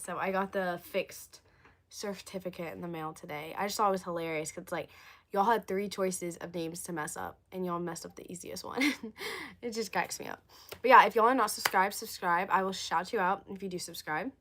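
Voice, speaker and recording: A young woman chats loosely on her livestream. Her voice is going hoarse, and she keeps turning to address her viewers as y'all. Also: on the low side, moderate pace, a bit bright, slight background noise. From southern United States. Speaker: livestream host. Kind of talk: casual livestream chat.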